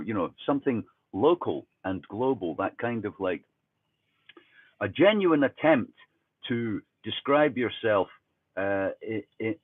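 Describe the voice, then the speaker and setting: A man from Fife, Scotland, with a Fife Scottish accent and a fairly low voice rants as a commentary host in a sardonic, profane monologue with conspiratorial asides. The sound is dry and tinny, like a phone, with no echo.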